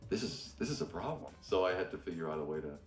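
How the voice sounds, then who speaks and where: A male voice actor telling a story in an interview in a relaxed way. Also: low-pitched, fast, echoey room, faint music behind.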